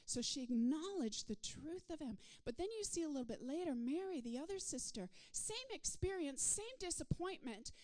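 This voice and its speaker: Woman preacher, kinda high voice, goes from whispering to big repeated declarations. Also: lively intonation, normal speed, few pauses. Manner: swings from soft whispers to loud rising declarations; repetitive call-and-response rhythm. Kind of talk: sermon.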